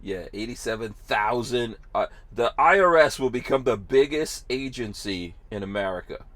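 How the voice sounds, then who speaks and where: A man's voice: medium pitch, lively intonation, moderate pace, a bit bright, dry recording. A man hosting a podcast, chatting casually about the news with sarcasm and frequent laughs. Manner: sarcastic, laughing often, filler-heavy. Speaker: podcast host.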